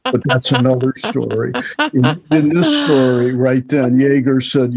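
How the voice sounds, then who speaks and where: An older man, a film director, telling relaxed, wry anecdotes as a guest in an interview. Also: medium pitch, measured pace, husky, no room sound. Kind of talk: storytelling in an interview.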